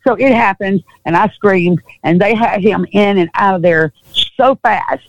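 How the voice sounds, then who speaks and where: A woman's voice: mid-range voice, measured pace, vocal fry, dull audio, slight background noise. A woman with a Southern US accent, an interview guest telling a personal story in earnest, acting out what people said and often repeating herself.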